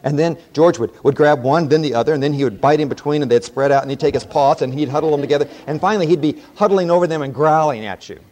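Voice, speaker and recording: A man teaching a Bible class, explaining a book and telling folksy stories in a relaxed, conversational way. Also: on the high side, quick pace, hardly any pauses. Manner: relaxed storytelling with folksy asides.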